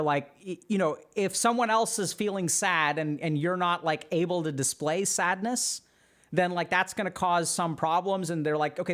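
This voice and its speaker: A man explaining ideas on a livestream in a casual, conversational way, with many fillers. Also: sits high. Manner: animated, conversational, frequent fillers. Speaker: streamer and psychiatry educator.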